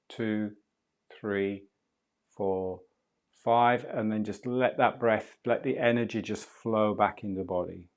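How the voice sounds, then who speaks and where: A man leading a guided breathwork class, speaking slowly, softly and calmly. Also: lowish voice. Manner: slow, soft and calm guidance. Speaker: breathwork instructor.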